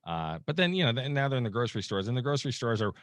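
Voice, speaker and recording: A man's voice: medium pitch, very animated, very fast, fairly bright tone, no echo, studio quality. A man from Pennsylvania in a casual chat, telling stories with a wry, mock-exasperated edge. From Wilkes-Barre, Pennsylvania. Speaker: podcast co-host.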